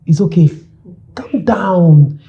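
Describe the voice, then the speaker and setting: A woman's voice: lowish voice, slow pace, creaky, lo-fi sound. Woman acting a stubborn, protective Nigerian mother. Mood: firm. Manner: firm, dismissive.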